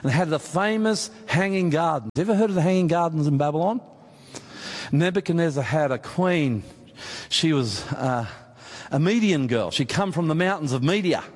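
A man's voice: on the high side, expressive, normal speed, in a large hall. A man with an Australian accent preaching a sermon, emphatic and chatty, speaking straight to his audience. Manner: emphatic, conversational, addresses audience directly. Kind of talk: sermon on Bible prophecy. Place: meeting hall with audience.

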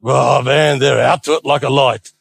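A man's voice: medium pitch, steady tone, moderate pace, vocal fry, a bit bright, husky, heavily acted. A man voicing Death, a terrified male imp servant who stammers in panic. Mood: panicked.

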